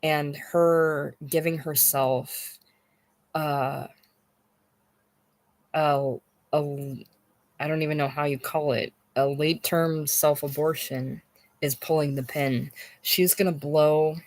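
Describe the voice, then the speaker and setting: Slow, halting, dry-voiced book rambler. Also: medium pitch, steady tone, dry recording. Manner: halting, repeats words, swears for emphasis; intense, circling back to one point. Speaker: book discussion host. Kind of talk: unscripted rambling monologue.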